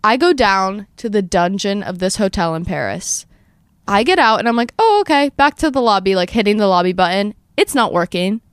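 A woman in her twenties hosting a podcast, telling a story in a fast, animated way and acting out the quotes. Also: mid-range voice, clear, resonant tone, no echo, studio quality. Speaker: podcast host. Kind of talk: casual storytelling chat.

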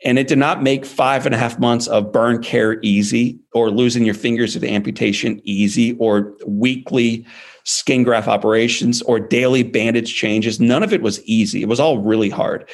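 A man in his forties telling his life story as an interview guest, emphatic and animated. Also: medium pitch, normal speed. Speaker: guest speaker.

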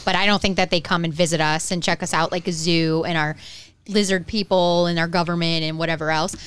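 A woman with a low, smooth, clear voice. She rambles in a chatty, loose way, full of "like" and "um". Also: steady tone, brisk, fairly bright tone. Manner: chatty, rambling, says "like" often. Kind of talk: casual chat.

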